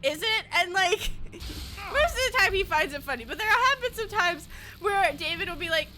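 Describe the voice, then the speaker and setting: A woman's voice: extremely high pitch, animated, normal speed, sharp tone, soft background music. A woman VTuber streamer chatting casually while gaming, rambling, laughing a lot and swearing freely.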